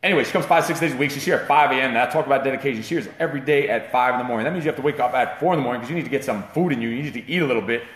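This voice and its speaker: A man hosts a live fitness talk, rushing his words and swearing freely as he rambles about a client's progress. His voice rings around an echoing room. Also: mid-range voice, a bit bright. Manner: profane, hyped and rambling. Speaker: fitness trainer and show host. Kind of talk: casual livestream talk.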